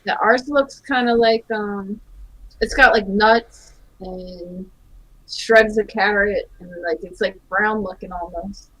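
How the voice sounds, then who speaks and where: A woman's voice: medium pitch, slow pace, fairly bright tone, low-quality recording. A woman in a casual chat, talking easily and passing on what others in the room say. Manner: chatty, relays what others say, laughs often.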